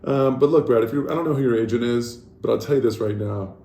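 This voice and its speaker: A man's voice: mid-range voice, quick pace, dark tone. A man co-hosting a podcast in casual chat, jokey and swearing freely. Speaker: podcast co-host. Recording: echoey room with faint noise.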